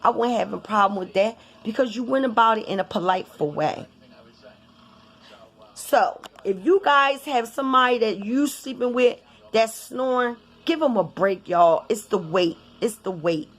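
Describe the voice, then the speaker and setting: A woman vlogger talking casually and bluntly to her viewers, cursing often in an animated, informal way. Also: a little high, moderate pace. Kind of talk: casual vlog rant.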